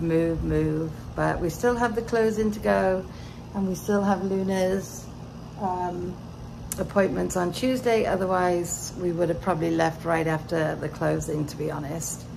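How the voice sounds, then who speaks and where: Tired gravelly British woman vlogging. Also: on the low side. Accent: British English. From Britain. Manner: tired, chatty, emotional. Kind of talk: casual vlog chat. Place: emptying house, indoors. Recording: noisy home recording.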